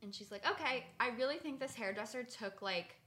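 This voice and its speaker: A young woman co-hosting a podcast, telling stories in a chatty, animated way full of "like". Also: fairly high pitch, brisk. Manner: chatty storyteller, lots of "like", animated. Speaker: podcast co-host. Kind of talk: casual chat.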